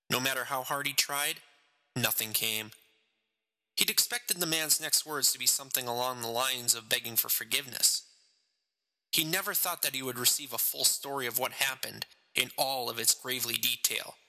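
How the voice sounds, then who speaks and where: A man reads his story aloud in a slow, measured way. His voice is gravelly, crisp and sharp-edged. A long reverb trails after every line. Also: medium pitch. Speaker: narrator, reader of his own story. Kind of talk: storybook narration.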